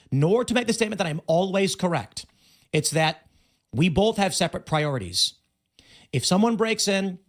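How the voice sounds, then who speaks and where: A man hosting a livestream, giving unscripted commentary in an emphatic storytelling way, acting out what people said and repeating words for stress. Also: on the high side. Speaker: livestream host.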